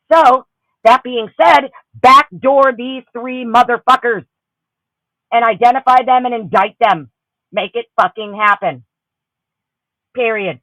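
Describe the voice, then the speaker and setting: A woman's voice: a little high, a bit bright, no room sound, low-quality recording. A woman hosting a livestream, ranting heatedly and with lots of swearing while greeting her chatters. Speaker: livestream host. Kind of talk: profane ranting livestream chat.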